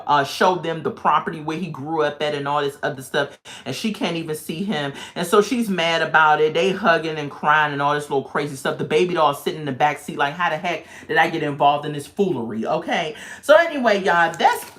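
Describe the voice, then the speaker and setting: A woman speaking straight to her viewers in a loose, casual recap. She is blunt and emphatic, leans on slang, and tells the story with plenty of animation. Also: deep voice. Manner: animated storytelling, acts out people's voices. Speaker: YouTube reality-show reviewer. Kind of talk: casual chat.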